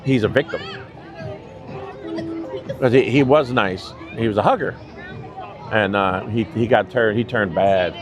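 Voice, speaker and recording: A man's voice: fairly low pitch, normal speed. A man with a New York accent chatting casually on a live stream, rambling and chuckling as he rides through a busy theme park. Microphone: handheld phone while riding a mobility scooter. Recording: noisy crowd and loud music. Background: crowd chatter and park music.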